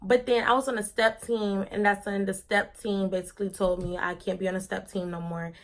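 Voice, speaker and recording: A woman's voice: mid-range voice, flat delivery, brisk. A young woman vlogger telling a personal story in a casual, dramatic, slangy way.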